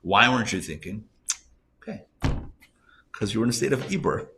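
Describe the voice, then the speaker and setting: A man, a rabbi, teaching a live class around a table, conversational and animated, asking rhetorical questions. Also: lowish voice, brisk, creaky, a little hiss or hum. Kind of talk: live Torah class lecture.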